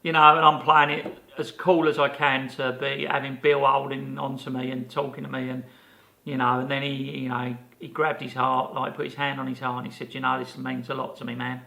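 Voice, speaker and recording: Gravelly, bright-voiced man telling stories. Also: mid-range voice, a little fast. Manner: lively anecdote-telling, acting out the people he quotes. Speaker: podcast co-host. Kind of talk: casual storytelling chat.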